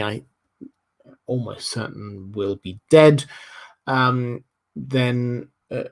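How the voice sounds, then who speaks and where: A man with a Southern English accent hosts a livestream and answers viewer questions at an unhurried pace. He thinks aloud, with plenty of ums and uhs between his points. His voice sits at an ordinary middle pitch. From Hampshire, England. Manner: thoughtful, hesitant, many ums and uhs. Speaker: livestream host.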